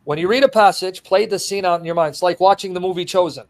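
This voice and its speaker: Animated high-voiced male preacher. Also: fast. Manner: animated, laughs while retelling, acts out scenes. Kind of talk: expository sermon.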